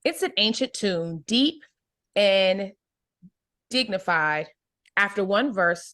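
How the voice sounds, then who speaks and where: A woman teaching an adult English book club, reading a novel aloud and then explaining it slowly and clearly. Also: medium pitch, animated, a bit bright. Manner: slow, clear teacher explanations with check-ins.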